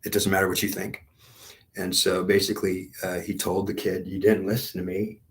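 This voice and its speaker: A man's voice: sits low, completely flat delivery, moderate pace. A man telling a rambling spiritual story in a meandering, repetitive way, full of fillers and restarts.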